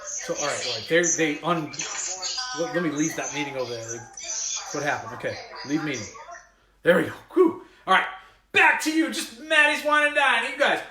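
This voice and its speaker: A man hosting a casual home cooking show, excitable, exclaiming and laughing often as he chats to viewers in his kitchen. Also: fairly high pitch, normal speed, reverberant, music in the background. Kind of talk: casual cooking livestream chat.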